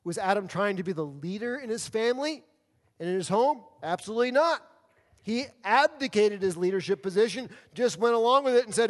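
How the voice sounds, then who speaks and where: A man's voice: high-pitched, expressive, brisk. A man from New York City preaching a sermon as pastor, firing off rhetorical questions and acting out people's excuses. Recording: long reverb of a large hall.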